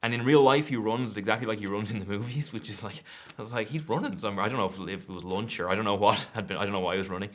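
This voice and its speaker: A man in his thirties with an Irish accent, chatting casually as an actor being interviewed, self-deprecating and quick to laugh. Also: fairly low pitch, fairly even intonation, fairly bright tone. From Ireland.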